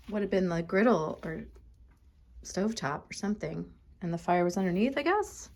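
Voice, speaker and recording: A woman's voice: on the low side, measured pace, slight background noise. A young adult woman vlogging in a casual, rambling way, with many fillers, indoors in an old house under renovation. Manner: chatty, tangential, many "like" fillers.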